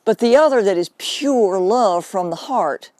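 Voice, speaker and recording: A woman speaking straight to her viewers in an earnest, explaining tone, stretching out key words to drive them home. Her voice sits at an ordinary middle pitch. The sound is dry and close, with no room echo. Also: expressive, measured pace, darkish tone. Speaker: animal medium hosting her own show. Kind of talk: unscripted direct-to-camera talk.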